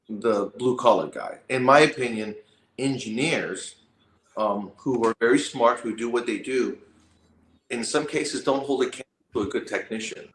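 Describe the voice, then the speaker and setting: Opinionated male guest in an echoey room. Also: medium pitch. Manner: opinionated, emphatic. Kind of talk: casual podcast conversation.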